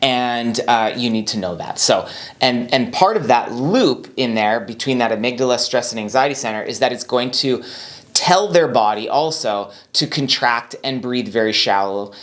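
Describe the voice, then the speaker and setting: A man who works as a doctor and anxiety coach, giving a casual instructional talk in a calm, unhurried and reassuring way that leans on repetition. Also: mid-range voice.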